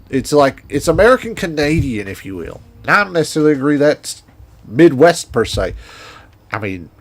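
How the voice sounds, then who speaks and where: Gravelly guy w/ a twang, rambling folksy game commentary. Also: mid-range voice. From Indiana. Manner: rambling, folksy, talks to himself while playing. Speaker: gaming streamer. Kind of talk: casual gameplay commentary.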